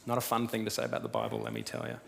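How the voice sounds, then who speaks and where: A pastor giving a sermon as casual storytelling, swinging from loud to hushed. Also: male voice, on the low side, sing-song, very fast, vocal fry. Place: church auditorium. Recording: long hall reverb.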